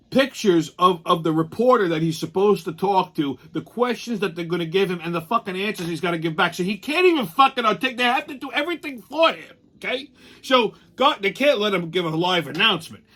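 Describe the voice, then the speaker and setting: A man's voice: high voice, sharp tone. A man hosting his own show, giving a heated, sarcastic political rant full of swearing. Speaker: show host.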